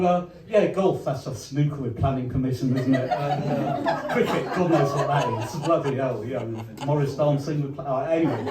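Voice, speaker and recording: Older guy doing deadpan pub standup, high lively voice, echoey room heard from back. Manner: deadpan one-liners, rambling asides. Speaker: comedian. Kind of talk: stand-up comedy with comic songs. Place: live comedy venue, pub. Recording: roomy live gig recording from a distance. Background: guitar accompaniment.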